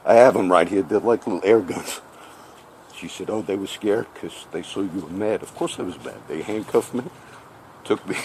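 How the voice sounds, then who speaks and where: A man telling a personal story in casual speech, animated and acting out both sides of the conversation. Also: fairly low pitch, a little hiss or hum. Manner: animated, acts out each side of the dialogue; repeats "I said" often. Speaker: storyteller recounting a personal legal run-in.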